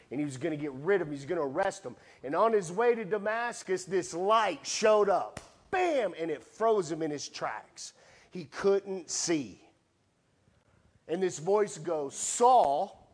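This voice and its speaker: A man preaching a sermon with animated storytelling, acting out the voices in the story. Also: fairly high pitch, breathy edge.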